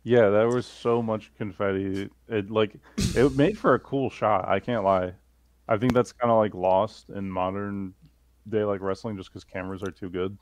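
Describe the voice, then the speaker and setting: A man's voice: fairly low pitch, steady tone, moderate pace, a little mellow. A man co-hosting a podcast in casual chat, laid-back and filling with "like". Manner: laid-back, many fillers. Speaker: podcast co-host.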